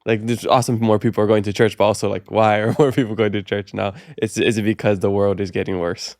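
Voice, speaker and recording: A man hosting a podcast interview, chatting casually and relaxed, often murmuring agreement. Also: on the low side, fast, no echo, studio quality. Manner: relaxed, frequent affirming murmurs, laughs easily. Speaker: podcast host.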